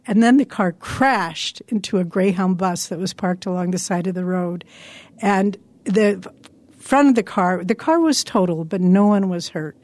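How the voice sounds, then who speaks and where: A woman spiritual teacher giving a meditation talk, telling stories earnestly and slowing her words down for emphasis. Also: on the low side, darkish tone.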